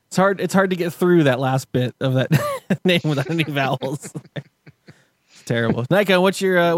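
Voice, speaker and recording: A man co-hosting a casual podcast, telling stories in a rambling, halting way with frequent laughs. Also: fairly high pitch, dry recording, studio quality. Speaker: podcast co-host. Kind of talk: casual chat.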